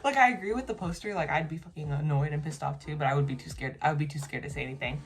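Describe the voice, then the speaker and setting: Blunt, low-voiced woman reacting online. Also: very fast, soft background music. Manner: blunt, swears freely, laughs and reacts between read lines. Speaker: YouTuber reacting to online posts. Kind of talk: casual reaction commentary, reading posts aloud.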